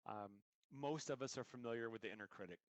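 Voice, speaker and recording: A man's voice: medium pitch, fast, no room sound, dull audio. A man, an endurance coach, answering interview questions in an earnest way, often restarting and repeating words.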